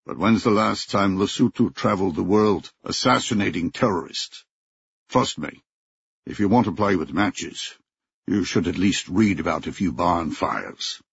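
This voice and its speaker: A man voicing a cool, worldly male captor who speaks in a calm, lecturing way, in an audiobook. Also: sits low, measured pace, vocal fry, slightly rough, no room sound, full character voice. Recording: dull lo-fi recording.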